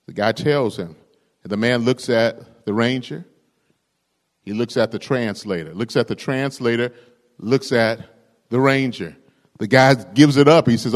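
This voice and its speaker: A man's voice: medium pitch, normal speed, in a large hall. A male pastor preaching a rousing sermon, calling out to the congregation for responses.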